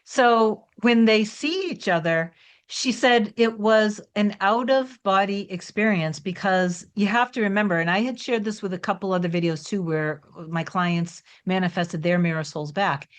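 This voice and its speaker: A woman coach telling a story about one of her clients in a relaxed, chatty way, often dropping in "like" as a filler. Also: mid-range voice, normal speed. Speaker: manifestation coach.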